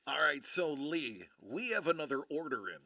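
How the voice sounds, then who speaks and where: Man, playful host banter, lively up-and-down pitch, dry close sound. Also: normal speed, dry recording. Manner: playful, self-mocking, theatrical. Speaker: live stream co-host. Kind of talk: casual joking banter.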